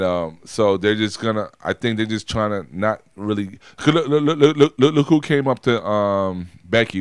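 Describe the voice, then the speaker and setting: A man's voice: lowish voice, smooth, no room sound, studio quality. A man co-hosting a podcast, talking casually about wrestling in a rambling way, with lots of restarts and repeated words. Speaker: podcast co-host.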